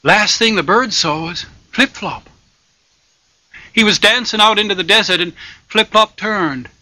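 A man telling a folk tale in a lively, folksy way, dropping to loud whispers for suspense, with a raspy voice. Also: sits high, a little slow, dry recording. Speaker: storyteller. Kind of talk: told folk tale with sung bits.

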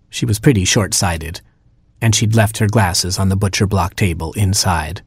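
A man narrating a children's storybook in a playful, expressive way. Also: low-pitched, moderate pace, breathy edge, dry recording. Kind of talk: storybook reading.

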